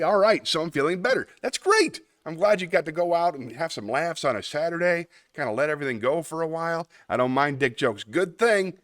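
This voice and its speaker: A man's voice: mid-range voice, a bit bright, dry recording, clean studio sound. A man hosting a casual livestream, rambling in a self-deprecating way and answering chat messages aloud. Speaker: livestream host.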